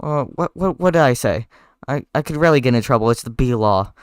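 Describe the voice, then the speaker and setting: A man's voice: mid-range voice, expressive, brisk, clean tone, no echo, clean studio sound, close to an everyday voice. A man voicing a nervous, polite young male bee in a live script reading, stammering and flustered.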